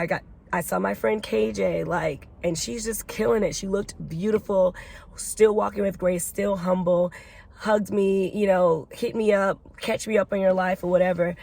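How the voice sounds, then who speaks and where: A woman's voice: mid-range voice, creaky. A young adult woman talking through her feelings in a candid personal vlog, reflective and emotional, recorded in a car. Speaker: vlogger.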